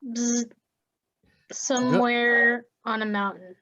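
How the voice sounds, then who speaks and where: A woman's voice: fairly high pitch, steady tone, slow, bright, forceful tone, highs cut off. A woman co-hosting a podcast, bantering and competing in a quiz in a casual way. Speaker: podcast co-host. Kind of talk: casual chat.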